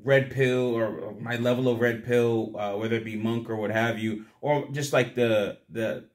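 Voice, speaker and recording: A man's voice: medium pitch, steady tone, normal speed. A young man rambling casually to the camera, crude and profane, often laughing at his own stories. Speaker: vlogger.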